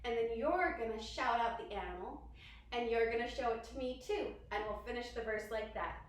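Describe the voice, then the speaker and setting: A woman's voice: fairly high pitch, fairly quick. A woman leading a children's yoga lesson in a playful, sing-song way, coaxing the kids with questions. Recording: echoey room, distant mic.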